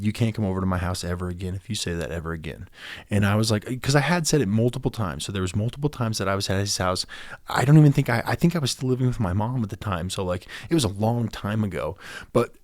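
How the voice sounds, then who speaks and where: A man's voice: fairly low pitch, a little mellow, dry recording, studio quality. A man hosting his own podcast, rambling through a casual solo rant with lots of stammered restarts and imitated voices. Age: adult father. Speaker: podcast host.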